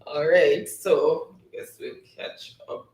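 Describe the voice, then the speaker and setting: A man with a fairly high voice hosts a live trivia stream, reading out viewer comments at an unhurried pace. He is chatty and often laughs along. His voice sits back from the mic in an echoey room. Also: fairly even intonation, a little mellow, distant mic. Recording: roomy sound, voice set back from the mic.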